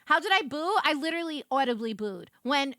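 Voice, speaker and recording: A woman's voice: sits high, expressive, brisk, fairly bright tone, dry recording, clean studio sound. A young woman VTuber streamer chatting casually, ranting animatedly and swearing. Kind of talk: casual live-stream chat.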